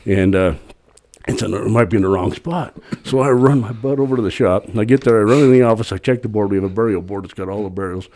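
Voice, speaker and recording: A man's voice: on the low side, quick pace, darkish tone. A man guest on a podcast telling a long, rambling workplace story in a plain-spoken, casual way. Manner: rambling, plain-spoken, acts out his own quotes. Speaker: cemetery worker.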